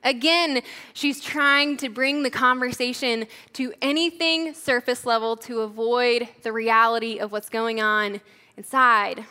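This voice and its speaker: A young woman giving a sermon in a relaxed, chatty way, often saying "like". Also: a little high, measured pace, clear, resonant tone. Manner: casual, chatty, says "like" often. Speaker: church leader preaching. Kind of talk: conversational sermon.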